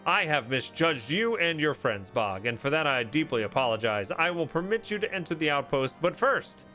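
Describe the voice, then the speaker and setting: A man's voice: on the high side, sing-song, moderate pace, bright, forceful tone, soft background music. A man playing a stern knight commander. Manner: formal, commanding, archaic speech.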